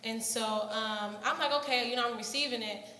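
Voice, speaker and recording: A woman's voice: on the high side, fairly quick, pushed and bright. A young woman giving an earnest church testimony about her mission trip, telling her story with many fillers. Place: church hall. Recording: echoey hall, faint noise.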